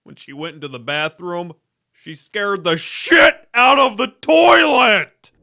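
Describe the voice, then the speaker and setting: Gravelly, slow, lively joke narrator. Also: medium pitch, background noise. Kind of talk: animated comedy joke reading.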